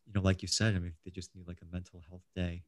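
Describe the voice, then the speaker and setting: A man's voice: deep voice, level tone, fast, no room sound. A middle-aged man hosting a casual interview, rambling with many ums and restarts. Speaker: host.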